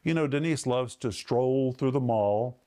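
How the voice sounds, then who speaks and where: A man's voice: medium pitch, a little slow, dark tone. A middle-aged man giving a Bible teaching sermon, emphatic and explaining words step by step. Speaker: pastor.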